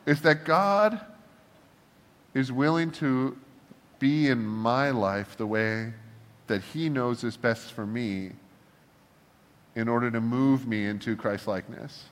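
Animated pastor preaching in a reverberant hall. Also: male voice, mid-range voice, slow pace, long pauses. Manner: animated, humorous, acts out prayers to God in a shifting voice. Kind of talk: casual conversational sermon. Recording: long reverb of a large hall.

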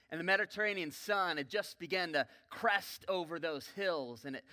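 A man preaching a sermon in a church, telling a story vividly with joking asides and sudden swings between loud and soft. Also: fairly high pitch. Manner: folksy, joking asides to the congregation. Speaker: pastor. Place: church sanctuary.

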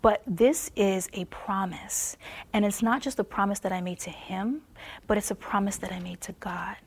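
A woman giving a Christian testimony sermon on marriage. She laughs often and drops to a soft near-whisper for emphasis. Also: medium pitch, fairly even intonation, normal speed, slightly rough.

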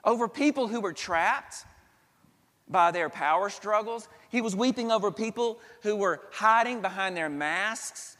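Pastor preaching in a reverberant church. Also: male voice, high voice, sharp tone. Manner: earnest, dramatic pauses and swells. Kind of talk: sermon. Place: church sanctuary. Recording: long reverb of a church hall.

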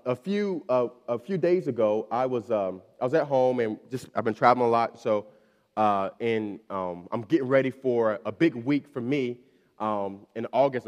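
A man in his thirties preaching a sermon, telling a story with many restarts and repeated words, then building in pitch and volume as he preaches. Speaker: pastor. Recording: long reverb of a large hall.

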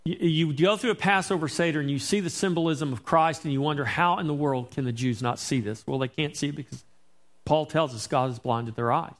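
A man's voice: a little high, fairly quick. A man preaching a sermon as pastor, reading scripture and explaining it emphatically, with rhetorical questions to his congregation.

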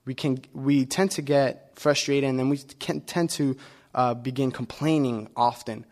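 A man delivering a conversational sermon as a preacher, relaxed and personal, pausing often with fillers and restarting his sentences. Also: medium pitch. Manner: relaxed and personal, with many filler pauses and self-corrections.

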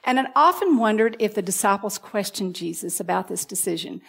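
A woman delivers a sermon at a middle pitch. She reads scripture aloud and retells the story in an earnest, storytelling way. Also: expressive, a little fast, vocal fry, hardly any pauses, slightly rough. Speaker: preacher.

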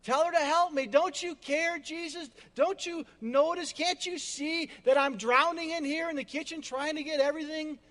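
Man doing a frazzled overburdened hostess, high voice, exasperated pleas, big reverberant room. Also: big pitch swings, fast talker, hardly any pauses. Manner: pleading, exasperated complaints. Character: frazzled overworked woman hosting guests, anxious. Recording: long hall reverb.

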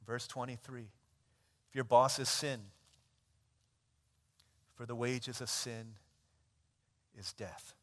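A male preacher at a mid pitch delivers a sermon, telling an animated parable and acting out the characters' lines as he goes. His voice rings out with a long reverb tail from the hall around him. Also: takes it slowly, pauses often.

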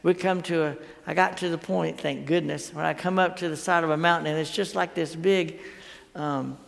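A man's voice: fairly high pitch, steady tone, moderate pace, vocal fry, a bit bright. A middle-aged man giving a folksy, conversational sermon, telling stories and repeating words as he thinks aloud. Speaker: pastor. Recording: long hall reverb.

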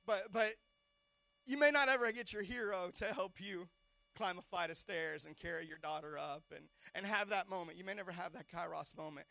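A man in his thirties preaching a storytelling sermon, animated and stumbling over repeated words. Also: high voice, moderate pace, gravelly, dry recording. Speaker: pastor.

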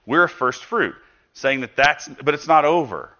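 A man preaches a sermon in a bright, forceful voice. He talks to his listeners in a conversational way, asks them rhetorical questions and acts out quoted speech with sudden bursts of loudness. The recording sounds dull and lo-fi. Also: a little high, lively intonation, moderate pace. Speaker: pastor.

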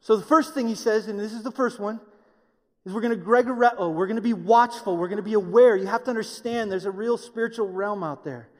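A man preaching a sermon in an animated way, acting out the voices of others with jokey asides. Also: high-pitched, brisk, long reverb tail. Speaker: pastor.

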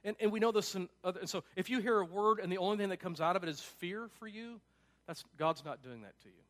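A pastor with a notably high-pitched male voice delivers a sermon in an easygoing, conversational way. He leans hard on key points and drops in casual asides as he goes. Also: quick pace, fairly bright tone. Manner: emphatic, casual asides with frequent "like".

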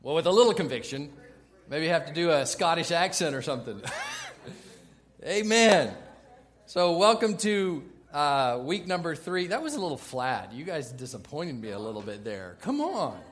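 A man preaching a sermon to his church in an energetic, joking way, loud at times. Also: a little high, a little fast. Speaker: pastor. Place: church in Baltimore.

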